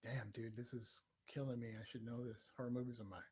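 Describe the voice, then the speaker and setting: A man co-hosting a casual live stream, slangy and joking as he guesses movie quotes out loud. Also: mid-range voice, little pitch movement, fairly quick, husky. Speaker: co-host.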